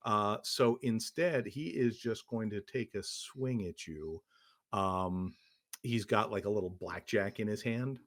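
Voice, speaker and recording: A man narrating as game master of a tabletop horror game, halting with frequent ums and uhs. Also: on the low side.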